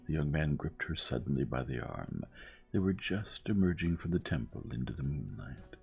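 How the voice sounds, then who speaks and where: Very deep, gravelly gentle reader. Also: male voice, big pitch swings. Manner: slow, gentle. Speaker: audiobook reader. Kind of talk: gentle storybook narration. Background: soft music.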